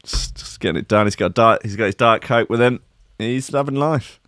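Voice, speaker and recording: A man's voice: medium pitch, brisk, fairly bright tone, no echo, clean studio sound. A man hosting a show, reading news items aloud and breaking off for joking asides. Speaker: podcast host. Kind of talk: comedic news commentary.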